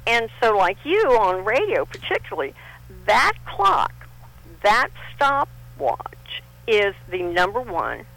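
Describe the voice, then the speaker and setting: An older woman from Texas, a guest in a casual interview, tells stories animatedly in a medium-pitched, gravelly voice, acting out the people she quotes. The recording is rough but has no echo.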